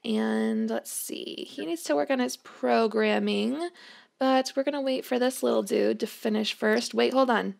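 A woman's voice: on the high side, unhurried, gravelly, darkish tone. A woman chatting casually as she plays a life-sim game at home, laughing often and talking to the characters on screen. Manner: chatty, giggly, talks to her game characters. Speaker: gameplay streamer. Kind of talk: casual let's-play commentary. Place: home room.

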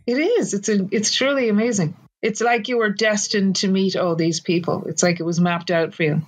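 A woman's voice: mid-range voice, fairly even intonation, moderate pace. A woman hosting an interview, reacting with enthusiastic interjections and questions. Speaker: podcast host. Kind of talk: casual interview.

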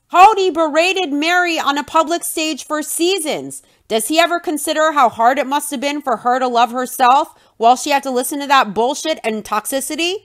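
A woman hosting a podcast and recapping a reality show in a scornful, mocking way. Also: high voice. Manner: scornful, mocks in a whiny put-on voice. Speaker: podcast host.

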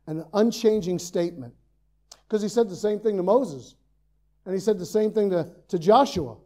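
An Irish pastor with a high, mellow male voice delivers a sermon from the pulpit of a church sanctuary. He climbs to loud, emphatic peaks before dropping into quiet, earnest asides.

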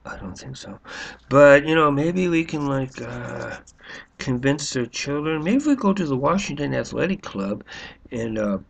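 A man's voice: mid-range voice, lively intonation, normal speed, gravelly, breathy edge. A man rambling through a sarcastic monologue, full of restarts and fillers. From United States. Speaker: vlogger.

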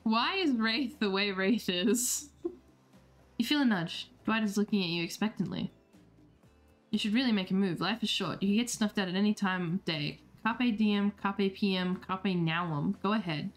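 A woman's voice: medium pitch, moderate pace, soft background music. A woman streamer reading a dating game aloud, playful and giggly as she reacts to chat between the lines.

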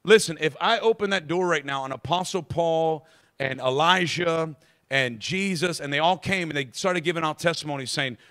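A man pastor preaching a fervent sermon to his congregation, stammering repeats and calling for the crowd to shout back. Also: on the high side, normal speed. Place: church.

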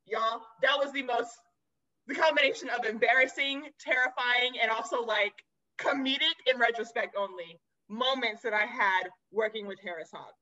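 A woman zookeeper and educator, a podcast guest who tells lively, expressive stories and addresses listeners as y'all. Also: a little high, moderate pace, muffled recording. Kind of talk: animated storytelling.

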